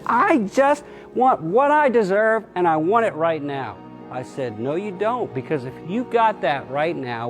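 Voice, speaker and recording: Man, middle-aged, pastor, short sermon, acts out quotes, light music under the voice. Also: darkish tone. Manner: acts out quotes with raised pitch.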